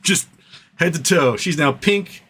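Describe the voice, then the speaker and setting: A man's voice: fairly high pitch, measured pace, husky. A man hosting a live stream, telling stories casually and rambling, with lots of fillers and asides. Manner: rambling, animated storyteller with frequent fillers and asides.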